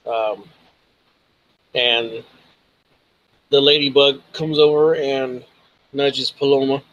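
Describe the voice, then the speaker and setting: A man narrates a tabletop game as game master, at an average pitch. His narration is casual and full of swearing and stops and starts. It sounds loose and conversational. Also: fairly even intonation, a bit bright, dull audio. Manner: casual, profane, halting narration.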